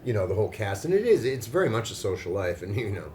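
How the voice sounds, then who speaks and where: A man from Australia, a voice actor being interviewed at a fan convention, telling stories in a playful, joking way with deadpan dark humor. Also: on the low side, fast, slight background noise. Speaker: voice actor guest.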